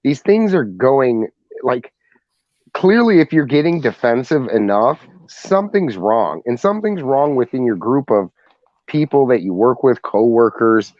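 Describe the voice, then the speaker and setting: A man's voice: mid-range voice, big pitch swings, measured pace, no echo, dull audio. A man co-hosting a casual podcast chat, talking in rambling stretches full of restarts and repeated words. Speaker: podcast co-host.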